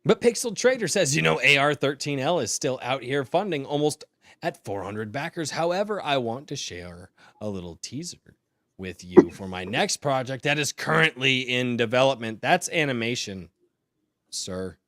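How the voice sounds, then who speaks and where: Excitable American man hosting a live stream. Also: medium pitch, normal speed, no echo, clean studio sound. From United States. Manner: excitable, joking, swings from loud to mumbled. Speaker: podcast host. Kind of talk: casual live-stream chat.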